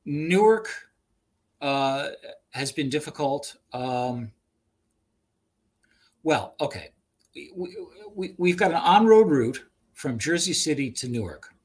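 A man working as a regional trail manager answers webinar questions over a video call, halting often with fillers and restarts. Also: fairly high pitch, expressive, a little mellow, slightly rough.

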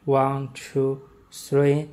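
A man walks through a product demonstration in broken, simple English. His delivery is slow and unhurried, and his pitch stays flat and even as he pieces together short, halting phrases. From China.

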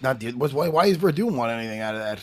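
A man's voice: medium pitch, fast, no room sound, studio quality. A man co-hosting a casual chat show, joking and cutting in often as he talks about his fighters. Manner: animated, joking, interrupts often. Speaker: podcast co-host, fight coach.

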